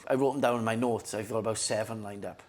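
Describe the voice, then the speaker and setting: A man's voice: fairly low pitch, fairly even intonation, fast, a little hiss or hum. A young man co-hosting a podcast, laid-back and swearing casually while recalling family stories. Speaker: podcast co-host. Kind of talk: casual chat.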